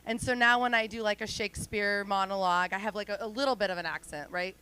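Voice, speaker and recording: Smooth-voiced woman doing stand-up. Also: medium pitch, quick pace, low-quality recording. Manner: chatty, self-mocking, deadpan asides. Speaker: stand-up comedian. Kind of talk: live stand-up comedy set. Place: outdoor studio stage.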